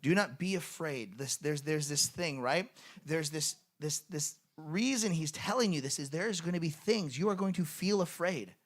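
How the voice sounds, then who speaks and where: Guy preaching in church, talks casual and earnest, lots of "like"s, voice a bit high. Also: moderate pace. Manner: conversational, earnest, many fillers. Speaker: pastor. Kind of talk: sermon. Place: church sanctuary.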